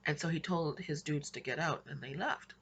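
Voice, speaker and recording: Speaking at a moderate pace in a low, husky voice with a fairly bright tone, a woman who vlogs as a Christian describes her dreams. The telling is casual and meandering, full of restarts and small laughs.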